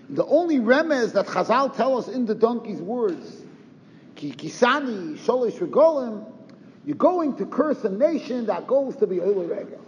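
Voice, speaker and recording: A Torah teacher whose voice sits high and a little mellow gives a lecture full of rhetorical questions, sprinkled with Hebrew and Yiddish terms. Roomy reverb, faint noise, and a dull lo-fi tone mark the recording.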